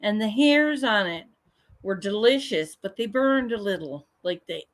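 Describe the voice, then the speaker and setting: A woman's voice: mid-range voice, animated, a little slow. A woman hosting a casual livestream, joking and swearing freely as she chats with viewers. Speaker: livestream host.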